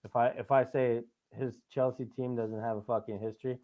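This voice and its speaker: A man's voice: medium pitch, a little fast. A man hosting a podcast, telling stories in casual chat with lots of swearing and laughing. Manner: profane, animated storytelling with frequent laughs. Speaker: podcast host. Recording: tinny phone-like audio.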